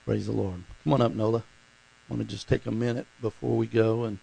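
A man's voice: on the low side, level tone, brisk, creaky, mellow, low-quality recording. A man preaching a sermon, telling a story in a rambling way with repeated words and bursts of fervent emphasis.

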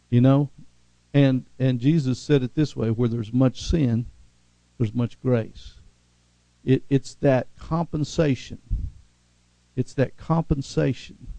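Gravelly preaching man, dry close sound. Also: no room sound, muffled recording. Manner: call-and-response preaching, rising to shouts then dropping low. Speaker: pastor. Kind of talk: sermon.

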